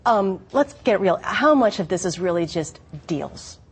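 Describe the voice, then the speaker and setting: A woman co-anchoring a morning TV news show in a studio, asking brisk, direct questions. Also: medium pitch, animated, husky. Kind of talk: TV news interview.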